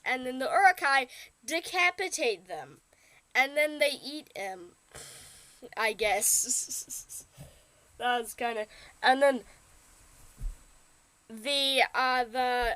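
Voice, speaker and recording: A young woman with a high, bright voice recaps a film at an easy, slow pace. She rambles, laughs often and drifts into game talk. The sound is dry and close. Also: no room sound. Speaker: podcast co-host. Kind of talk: casual movie recap chat.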